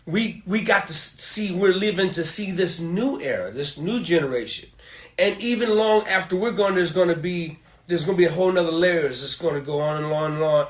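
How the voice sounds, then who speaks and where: A middle-aged man hosting a podcast as a musician, telling stories in casual conversation with lively, laughing energy. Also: a little high. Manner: animated storyteller who laughs often. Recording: roomy echo.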